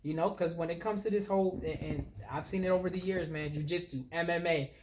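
A man's voice: on the high side, a little fast, slight background noise. A man co-hosting a podcast, telling stories animatedly in casual chat with many fillers. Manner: animated, storytelling, filler-heavy. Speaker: podcast co-host.

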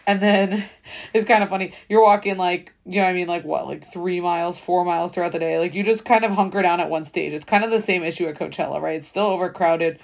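A woman's voice: fairly low pitch, creaky. A woman in her twenties hosting a solo podcast, rambling casually with lots of fillers and swearing. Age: 20s. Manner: rambling, filler-heavy valley-girl talk with frequent swearing; fast, chatty storytelling. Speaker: podcast host.

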